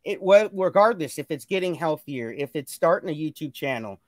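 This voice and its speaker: A man with a fairly high voice speaks in an earnest, preachy, motivational way, circling back to the same points again and again. The sound is dry and close, with no room echo. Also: lively intonation, normal speed. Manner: earnest, preachy, repeats phrases. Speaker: guest. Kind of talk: motivational casual chat. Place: live stream call.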